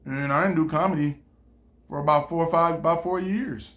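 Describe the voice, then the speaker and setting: A man's voice: on the high side, moderate pace, fairly bright tone. A man, a stand-up comedian, talking casually and animatedly to camera, often laughing and switching into voices for the people he quotes. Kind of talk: casual motivational monologue.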